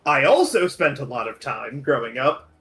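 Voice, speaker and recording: A man from New England with a general American accent, chatting casually as a streamer, rambling and correcting himself often, quick to laugh. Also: mid-range voice, sing-song, fairly bright tone. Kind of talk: casual chat while gaming. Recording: roomy echo with game music.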